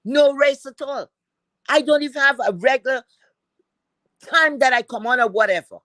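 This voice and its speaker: A woman's voice: high-pitched, normal speed, pushed and bright, no echo. A woman from Philadelphia hosting a livestream, ranting and taunting a rival with heavy profanity. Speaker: livestream host.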